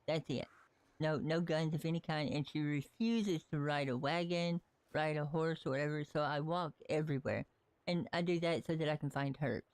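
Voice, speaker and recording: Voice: mid-range voice, no echo. Chatty, rambling livestreamer. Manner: rambling, chatty, talks to characters in the game and to viewers. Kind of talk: casual live gameplay chat.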